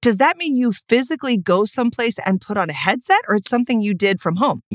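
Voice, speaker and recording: A woman's voice: a little high, lively intonation, fast, no echo, studio quality. A woman co-hosting a casual podcast, bubbly and giggly, gushing and joking as she chats. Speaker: podcast co-host.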